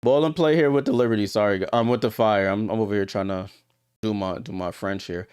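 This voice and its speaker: A man's voice: on the low side, quick pace, clear, resonant tone, no room sound, clean studio sound. A man hosting a live watchalong stream, chatting with viewers and calling plays as they happen. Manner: chatty, talks straight to viewers, gets louder on big plays. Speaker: livestream watchalong host. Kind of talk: casual live game commentary.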